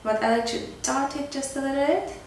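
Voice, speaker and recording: This beauty vlogger has a high, darkish-toned voice and talks briskly as she chats her way through a makeup tutorial, peppering it with "like" and "kinda." Expect a very echoey room, a distant microphone, and faint noise behind her.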